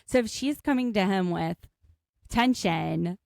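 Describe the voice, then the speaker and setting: Gravelly-voiced woman podcast co-host. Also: mid-range voice, lively intonation, a little mellow, dry recording, studio quality. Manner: chatty, jokey, quick asides. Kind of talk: casual recap chat.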